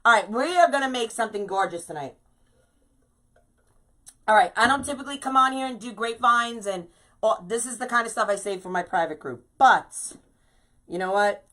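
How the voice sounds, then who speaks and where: A woman's voice: fairly high pitch, lively intonation, normal speed, pauses often, fairly bright tone. A middle-aged woman hosting a live crafting stream, talking casually and ranting emphatically, often tagging her lines with "okay?".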